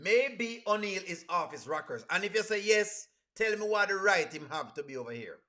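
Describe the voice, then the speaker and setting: Jamaican male streamer, high bright voice, chatty and questioning. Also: lively intonation, normal speed. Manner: asks the chat rhetorical questions, creole grammar. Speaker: reaction streamer. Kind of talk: casual live reaction commentary.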